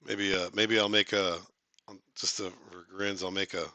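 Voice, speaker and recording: A man's voice: low voice, level tone, normal speed, pushed and bright, no room sound. A man hosting a casual live stream, chatting with viewers in a rambling, joking way, full of fillers and restarts.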